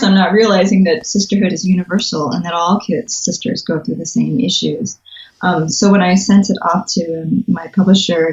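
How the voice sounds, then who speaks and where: Animated woman telling stories in a roomy room. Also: dull audio. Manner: animated storytelling, acts out quotes with big pitch jumps and laughter. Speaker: guest, children's book illustrator. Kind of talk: casual interview chat.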